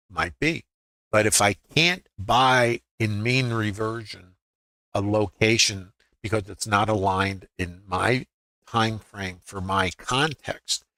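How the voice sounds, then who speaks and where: A futures trading educator in his sixties gives live trading commentary, his voice fairly low and sharp in a dry, rough recording. He keeps it conversational, thinking aloud through rhetorical questions and often checking that viewers are keeping up.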